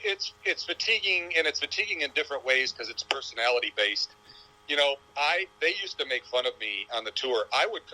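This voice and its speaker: Guy in his sixties, bright voice, rambles through old stories, chatty interview. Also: medium pitch, poor audio. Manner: rambling, reflective, storytelling. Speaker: professional golfer guest. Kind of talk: casual interview chat.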